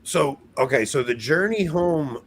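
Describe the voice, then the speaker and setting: A man's voice: fairly high pitch, expressive, measured pace, slightly rough. A young man co-hosting a podcast in casual chat, rambling and self-mocking with frequent laughs. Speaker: podcast co-host.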